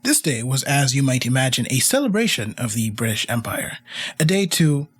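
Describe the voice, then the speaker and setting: Husky, lively male history podcaster. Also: medium pitch, moderate pace. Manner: animated, wry, asides to listeners. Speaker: podcast host. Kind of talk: casual storytelling narration of history.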